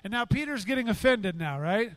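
A man's voice: high voice, a little fast, dry recording. A man preaching a sermon as pastor, chatting and joking with the congregation and acting out Bible scenes. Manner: acts out Bible dialogue in a raised, animated voice.

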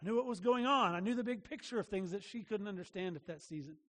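A man's voice: high voice, fast talker, fairly bright tone. A man preaching a sermon as a pastor, earnest and emphatic, often restarting his phrases. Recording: long reverb of a large hall.

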